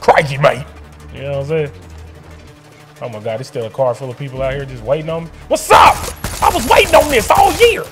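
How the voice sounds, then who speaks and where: A man giving excited, slangy commentary while he plays a video game and talks back to it. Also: fairly high pitch, quick pace, soft background music. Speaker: gaming streamer.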